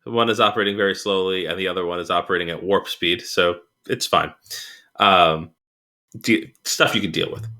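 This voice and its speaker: Podcast co-host, male, deep-ish but bright and sharp voice, lively chuckling storyteller. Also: moderate pace. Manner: animated storyteller who chuckles through anecdotes. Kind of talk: casual chat, storytelling.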